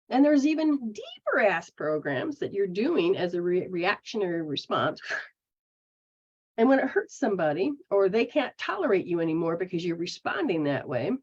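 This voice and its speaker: A woman giving a casual spiritual teaching talk. She acts out people's inner voices in a lively way. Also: medium pitch, a little slow, long pauses, husky. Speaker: metaphysical practitioner. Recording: dull lo-fi recording.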